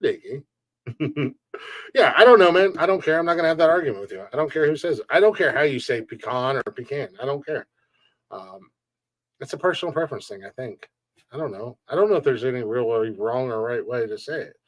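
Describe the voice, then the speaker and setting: A man hosting a live-stream podcast, talking loosely and bluntly, swearing freely and breaking into laughs. His voice sits at an ordinary middle pitch and sounds close and dry, with no room around it. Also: expressive, fairly quick, no room sound. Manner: blunt, profane, joking rants; laughs often between remarks. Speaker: podcast host reading chat. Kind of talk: casual live-stream chat.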